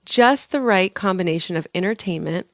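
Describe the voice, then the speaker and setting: A tired woman co-hosting a podcast in casual chat, talking in quick bursts and laughing often. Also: on the low side, lively intonation, no room sound, studio quality. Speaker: podcast co-host.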